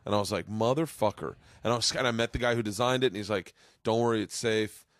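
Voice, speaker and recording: A man in his forties hosting a podcast, telling rambling, excitable stories with plenty of swearing. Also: fairly low pitch, fast, no echo, studio quality. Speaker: podcast host. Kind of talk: casual podcast chat, storytelling.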